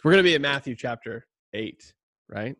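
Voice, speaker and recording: A chatty male podcast host and former youth pastor, rambling with plenty of fillers and self-mocking jokes. He sits close to a cheap budget mic in a dry, deadened space with no room echo. His voice has a middling pitch. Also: animated, normal speed, fairly bright tone. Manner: rambling, self-deprecating, many fillers and laughs. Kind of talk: casual chat and scripture reading.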